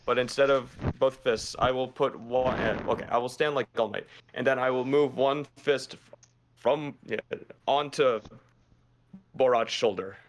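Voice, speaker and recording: A man playing a tabletop role-playing game, talking quickly and asking clarifying questions. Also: mid-range voice, steady tone, background noise. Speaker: player.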